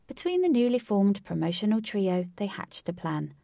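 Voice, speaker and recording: A woman reading a story aloud in an expressive way, voicing each character. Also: medium pitch, moderate pace, creaky, no echo, studio quality. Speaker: narrator.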